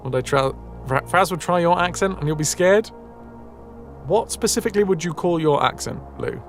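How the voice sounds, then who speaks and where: A man's voice: fairly high pitch, moderate pace, soft background music. A man streaming a video game, chatting casually with his viewers, reading their messages aloud and swearing freely. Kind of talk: casual live-stream chat.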